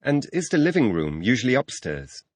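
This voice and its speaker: A man's voice: medium pitch, big pitch swings, normal speed, dry recording. A man reading the teacher's questions in a scripted audio language lesson, announcing new words between questions.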